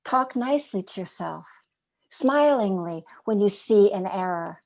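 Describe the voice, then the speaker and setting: A woman with an animated, creaky, mid-range voice leads a reflective dharma talk as a meditation teacher. She is gentle and measured, raising rhetorical questions and bringing some phrases down almost to a whisper.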